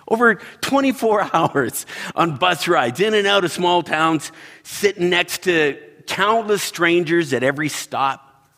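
A long reverb tail follows this middle-aged pastor's high, unhurried voice as he preaches in church. He tells personal stories animatedly, performing the quotes in different voices.

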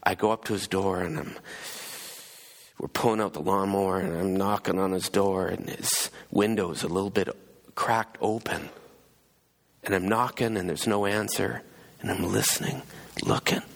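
A man with a very low, gravelly voice gives a sermon, acting out the people in his story. His voice carries a long reverb, as if heard across a large church hall. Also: steady tone, normal speed, pauses often, a bit bright. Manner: storytelling, acts out quoted voices. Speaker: pastor.

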